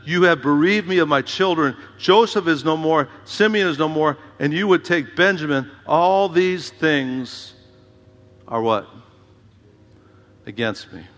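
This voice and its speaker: A despairing old father laments his losses, as a male preacher reads the part. The voice stays bright and forceful but drops heavily at the ends of lines. A long hall reverb trails each phrase. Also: on the high side, animated, measured pace.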